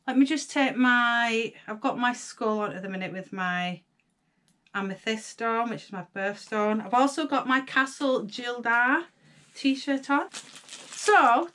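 A woman's voice: a little high, slow pace. Gushing Northern English woman vlogger. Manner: gushing, excitable, gasps and chatters to viewers. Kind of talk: casual unboxing chat.

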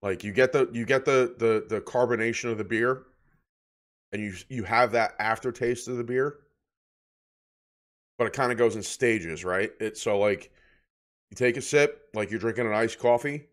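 With a mid-range voice at normal speed, this podcast co-host from New Jersey pauses often as he meanders through beer tasting impressions. The tone stays relaxed and full of filler words.

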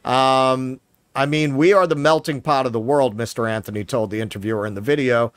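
A man's voice: mid-range voice, steady tone, fairly quick, clear, resonant tone, no room sound. A man with a New York accent co-hosting a political commentary show, sarcastic and profane, reading news aloud with mocking asides. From Queens, New York. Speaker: podcast co-host.

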